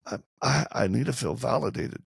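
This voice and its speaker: A man with a very gravelly, husky voice tells candid stories as an interview guest, lively and humorous. He slips into other voices for the people he quotes. The sound is close and dry. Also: medium pitch, normal speed, no echo. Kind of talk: animated storytelling in conversation.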